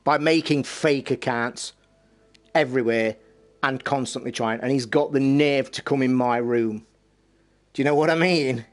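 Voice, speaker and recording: A middle-aged man with an East Midlands accent talks live to his viewers in a blunt, sweary way. His voice sits at an ordinary pitch for a man, and he flares up quickly when pushed. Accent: East Midlands English. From England. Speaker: live streamer. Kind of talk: casual live-stream chat.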